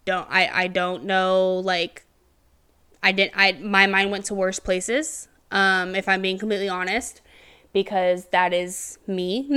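A young woman speaks at an unhurried pace, her voice bright and very clear. She tells a painful personal story as a podcast host, candid and rambling, with frequent swearing and fillers. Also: medium pitch. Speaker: teacher.

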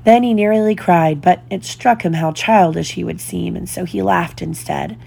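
A woman reading a children's storybook aloud in a slow, deliberate storytelling manner. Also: fairly low pitch, very animated, vocal fry, warm tone. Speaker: storybook reader.

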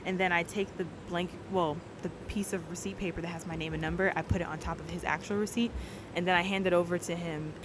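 A woman talks quickly and casually, telling a story as a guest. She is animated and jumps into the voices of her own thoughts and the people she quotes. A steady rumble sits under the recording.

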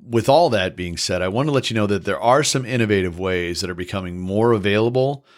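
A man's voice: fairly low pitch, fairly quick. A man co-hosting a casual chat podcast, explaining things earnestly and turning playful. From American Midwest. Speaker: podcast co-host.

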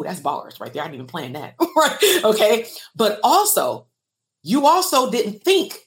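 A woman in her thirties, a business coach for therapists, talking casually and candidly to viewers on a live stream, emotional at times, laughing and swearing freely. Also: mid-range voice.

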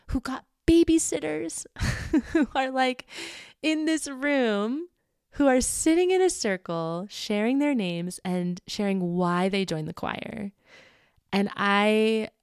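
A woman's voice: a little high, a little mellow, dry recording, clean studio sound. A young woman hosting a podcast, talking casually and animatedly to her listeners, often laughing and swearing lightly. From United States. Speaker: podcast host. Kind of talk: casual personal monologue to listeners.

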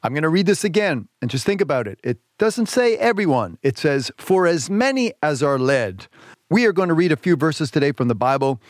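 A fairly high-voiced man preaching on the radio, leaning hard on key words and slowing down to stress each line of scripture. He calls on listeners to say the words along with him. The recording is close and dry, with no room around the voice. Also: lively intonation, no echo. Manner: emphatic, slows down to stress scripture; invites listeners to repeat lines. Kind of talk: radio sermon.

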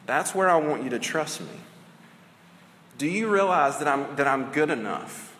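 A man preaching a sermon in a casual, conversational way. He often tags his points with "right?" and slows down to stress key phrases. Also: on the high side, animated, fairly bright tone, a little hiss or hum. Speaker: pastor. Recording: long hall reverb with faint ambience.

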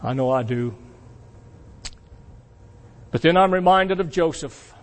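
Guy preaching a sermon, kinda high voice, gets loud then drops way soft, asks the room stuff. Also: slow. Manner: emphatic, swinging between loud peaks and quiet asides; addresses the congregation with rhetorical questions. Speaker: pastor.

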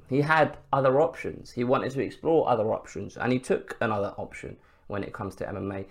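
Male podcast host, mid-pitched, fired-up solo take, lots of rhetorical questions and swearing. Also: vocal fry. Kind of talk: casual sports commentary monologue.

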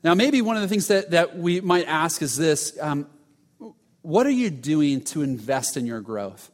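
A male pastor delivers his sermon with a slightly higher-than-usual voice. He tells his story with dramatic pauses and sudden hushed moments. The long reverb of a large hall trails behind every phrase. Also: lively intonation.

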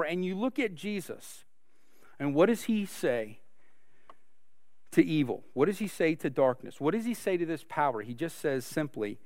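With a slightly high, sing-song voice at a moderate pace, a man gives an earnest sermon, asking rhetorical questions and restarting often. The pastor's recording is dry, with clean studio sound.

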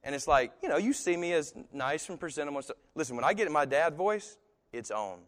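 A male pastor preaching an animated sermon that swings from soft to loud, with voices acted into the quotes. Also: a little high, fast. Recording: long hall reverb.

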